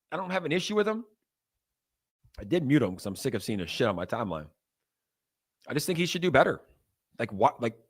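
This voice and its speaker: Chatty crypto streamer man, slightly high voice. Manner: animated, ranting, chatty with viewers. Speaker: crypto livestream host. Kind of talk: casual livestream talk.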